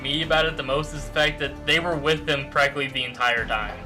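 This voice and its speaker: A man's voice: mid-range voice, steady tone, quick pace, music in the background. A man chatting casually with a friend during a game, easygoing and laughing often. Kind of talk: casual chat over voice chat.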